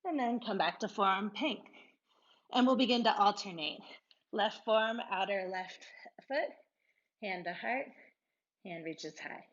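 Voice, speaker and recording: A woman teaching a yoga class, cueing poses in short calm phrases, a little out of breath and laughing at herself now and then. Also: medium pitch, a little slow, pauses often, muffled recording. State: slightly out of breath. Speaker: yoga instructor. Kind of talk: guided yoga class instruction.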